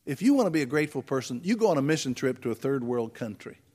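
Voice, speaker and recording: A man's voice: mid-range voice, sing-song, fast, darkish tone, breathy edge, in a large hall. A man preaching a conversational sermon as pastor, asking the congregation rhetorical questions. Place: church sanctuary.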